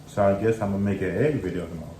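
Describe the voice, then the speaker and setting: A man trades jokes and teasing remarks in relaxed chat while eating. His voice sits fairly low. The sound is roomy and echoey, with a faint hiss underneath. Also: rapid-fire. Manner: joking, teasing banter. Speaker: mukbang co-host.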